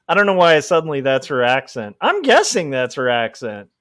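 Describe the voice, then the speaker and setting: A man's voice: mid-range voice, fairly bright tone. A young man chatting casually and rambling with lots of fillers while he draws on a livestream. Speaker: livestreaming comic artist.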